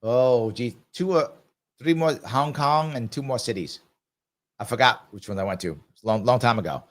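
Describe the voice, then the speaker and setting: A man with a mid-range voice speaks at normal speed while hosting a live ask-me-anything livestream. He answers viewer comments and tells a travel story in an emphatic, conversational way.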